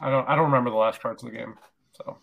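A man's voice: mid-range voice, very fast, creaky, fairly bright tone. A man appearing as a guest on a sports podcast, chatting casually and rambling, with lots of filler words and self-deprecating remarks.

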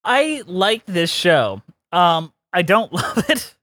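A man's voice: high voice, very animated, takes it slowly, pushed and bright, dry recording. A man co-hosting a podcast, chatting casually and giving strong opinions, laughing often. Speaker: podcast co-host. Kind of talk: casual chat.

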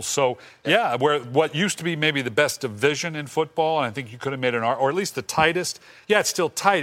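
A middle-aged former football coach co-hosting a podcast, animated and steering the talk, with quick asides. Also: male voice, mid-range voice. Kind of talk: casual podcast chat.

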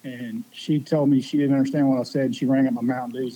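A man's voice: medium pitch, fairly even intonation, mellow, slightly rough, low-quality recording. A man with a Tennessee Southern accent, a veteran guest in a casual chat, telling easygoing stories. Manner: easygoing, drawn-out anecdotes with uh fillers. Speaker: veteran pro angler guest.

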